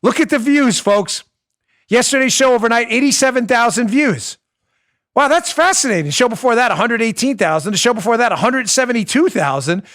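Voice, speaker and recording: This high-voiced host of a political talk show sounds expressive, fairly quick, and a bit bright. He delivers a sarcastic, indignant monologue, hammering his arguments with rhetorical question after rhetorical question.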